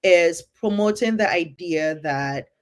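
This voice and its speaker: A woman's voice: on the low side, slow. A woman co-hosting a podcast, speaking earnestly and emphatically, often checking in with "right?". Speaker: podcast co-host. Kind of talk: earnest conversational podcast talk.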